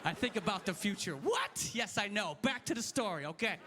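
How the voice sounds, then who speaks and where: A male comedian with a very high voice, ranting in disbelief during a stand-up set. His tone is bright and forceful. He talks into a handheld mic on stage. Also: brisk, soft background music, a faint crowd. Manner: animated, incredulous ranting.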